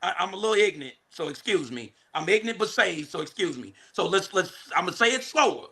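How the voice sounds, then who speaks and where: A man preaches to a class in a high, bright voice. His pitch swings widely as he repeats words, restarts phrases and talks right at his listeners. At times he lifts into a near shout. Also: sing-song, fast, creaky, slightly rough. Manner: addresses listeners directly, rising to shouts. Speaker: guest speaker, licensed therapist. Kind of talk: energetic spiritual teaching to a class.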